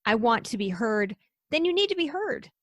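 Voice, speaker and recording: A woman's voice: on the high side, sing-song, normal speed, fairly bright tone, no echo. A woman speaking as a guest in an interview, emphatic and repeating her key phrases for force. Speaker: podcast guest. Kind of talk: conversational interview.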